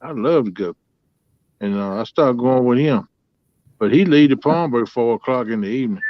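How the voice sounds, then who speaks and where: A man's voice: medium pitch, fairly quick, no room sound. Folksy man in his fifties. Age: 50s. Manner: folksy, drawling, heartfelt. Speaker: host. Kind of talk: casual storytelling chat. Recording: dull lo-fi sound, dry.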